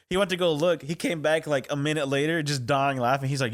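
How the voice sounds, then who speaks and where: A man's voice: a little high, fast. A man co-hosting a podcast, chatting casually and crudely and telling stories with a lot of laughter. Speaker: podcast co-host. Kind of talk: casual chat.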